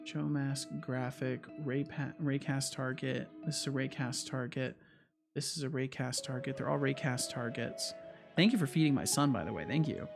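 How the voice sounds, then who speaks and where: A man's voice: medium pitch, normal speed, gravelly, over music. A man streaming as a game developer, chatting casually and thinking aloud with frequent restarts, easily startled. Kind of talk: casual live-coding chat.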